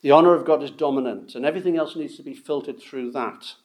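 Emphatic male preacher, slightly high voice. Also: fast, darkish tone. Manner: emphatic, repeats key phrases for stress. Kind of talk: sermon.

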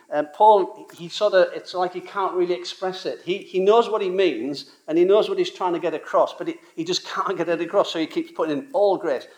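A man's voice: high-pitched, a little fast. A man preaching a sermon, earnest and emphatic, stressing and repeating key words as he quotes scripture.

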